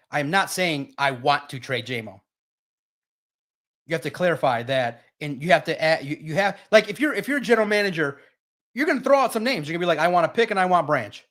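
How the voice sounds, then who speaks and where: Hosting a live sports stream, a man chats casually and energetically right to his viewers in chat, his voice a little high and a bit bright.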